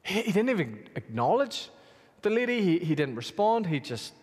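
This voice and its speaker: A male pastor gives a sermon in a storytelling manner, rising to animated emphasis as he paints a scene. His voice sits a little high for a man. The sound carries the long reverb of a large church hall. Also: normal speed, breathy edge.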